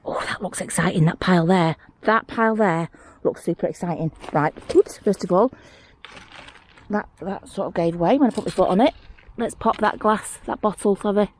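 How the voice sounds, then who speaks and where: A woman chats her way across an outdoor hillside. She talks half to herself and half to the viewer, and she gets easily excited over little things she spots. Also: mid-range voice, moderate pace. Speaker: mudlarking vlogger. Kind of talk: casual running commentary while searching. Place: outdoors on a hillside rubbish tip.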